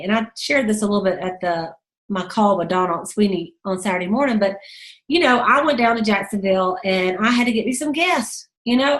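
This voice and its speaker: A woman leading a sales team call, telling a story in a chatty way and acting out the voices of others. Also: echoey room. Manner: chatty storyteller, acts out quotes in a high voice. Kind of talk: motivational team call talk.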